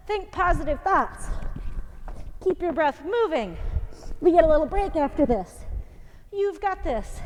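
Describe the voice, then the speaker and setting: High-voiced, winded woman coaching a workout. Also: animated, moderate pace, long pauses, big-room sound, slight background noise. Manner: encouraging, counting reps aloud. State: out of breath, winded. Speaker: fitness instructor. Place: home workout space.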